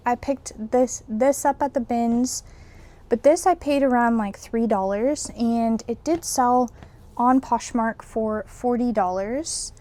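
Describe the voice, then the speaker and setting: A woman's voice: a little high, a little mellow. A young woman casually vlogging about her reselling business, chatty and full of fillers as she shows items to the camera. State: a little out of breath. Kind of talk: casual vlog narration.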